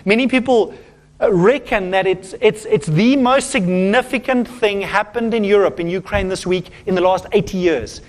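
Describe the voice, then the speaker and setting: High-voiced man preaching a sermon. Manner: earnest, emphatic preaching with frequent restarts. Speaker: pastor. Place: church.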